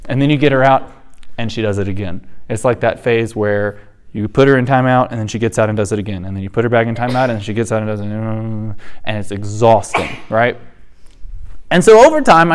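Man in his thirties, mid-range voice, teaching a church class through animated family anecdotes. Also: mid-range voice, clear, resonant tone. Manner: storytelling, animated, acts out quotes with laughter.

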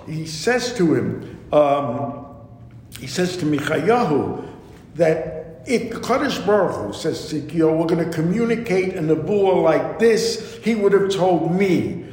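Male teacher, slightly higher voice, slow and deliberate, reads verse then explains, echoey hall with faint rumble. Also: animated, a little mellow. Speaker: Torah teacher. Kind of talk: lecture on scripture.

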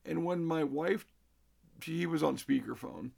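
A man's voice: fairly high pitch, measured pace, vocal fry, darkish tone. A middle-aged man telling a story casually, recounting conversations with an exasperated manner.

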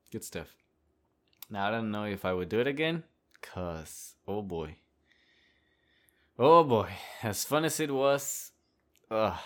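A man hosting a podcast who tells a personal story in a casual, animated way and laughs often as he talks. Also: fairly low pitch. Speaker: podcast host.

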